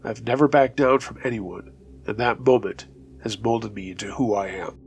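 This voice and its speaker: A man hosting a storytelling channel, reading true scary stories in a steady, low-key scripted narration. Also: moderate pace, gravelly, slight background noise.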